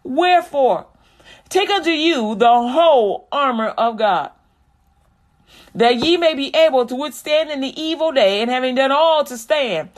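A woman preacher delivering a sermon, mixing scripture recitation with animated, conversational talk. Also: sits high, a little slow.

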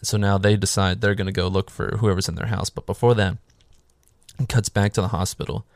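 A man's voice: lowish voice, little pitch movement, a little fast, no room sound, clean studio sound. A man casually recapping a horror movie in a sarcastic, swearing, offhand way. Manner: sarcastic, swears freely, filler "like".

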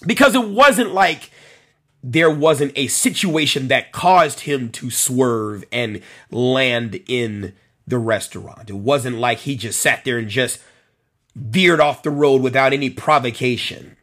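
A man's voice: mid-range voice, slow, fairly bright tone. A man hosting a live-stream talk show, reading out viewer comments and giving his opinion in a conversational way, repeating phrases for emphasis. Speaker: host of a policing talk show.

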